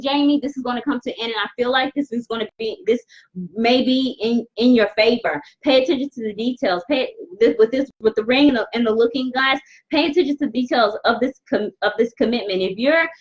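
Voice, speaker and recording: A woman hosting a live intuitive tarot reading, talking straight to viewers in an earnest, halting way full of restarts. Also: a little high, lo-fi sound. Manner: halting, repetitive, with many restarts; earnest, addresses viewers directly. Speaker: tarot reader and host.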